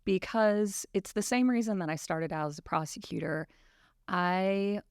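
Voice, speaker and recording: A woman, a family law attorney co-hosting a podcast, speaking in a warm, earnest way. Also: deep voice, no room sound, clean studio sound. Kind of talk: casual conversational chat.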